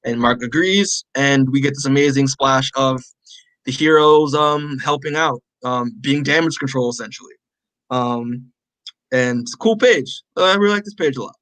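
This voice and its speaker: Bright-voiced man recapping a comic. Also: mid-range voice, normal speed, no room sound, rough recording. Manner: rambling, many fillers, acts out characters' lines. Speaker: podcast co-host. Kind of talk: casual comic book recap.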